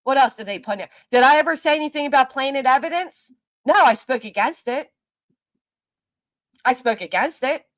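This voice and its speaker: A woman's voice: sits high, animated, normal speed, long pauses. Fired-up, cursing woman streamer. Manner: heated, profane, talks back to chat. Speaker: live streamer. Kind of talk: angry livestream rant.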